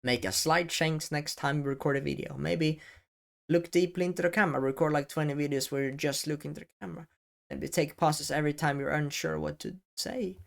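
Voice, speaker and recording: Deliberate, pausing male video creator. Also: fairly high pitch, fairly even intonation, creaky. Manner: deliberate, pauses often and stresses key words, casual swearing. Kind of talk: talking-head advice video. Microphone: desk microphone, seated at camera.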